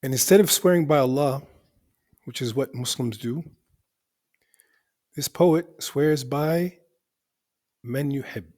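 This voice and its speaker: A man's voice: mid-range voice, takes it slowly, long pauses, a little mellow. A male teacher explaining the grammar of an Arabic poem line by line, in a methodical way that repeats and rephrases for emphasis.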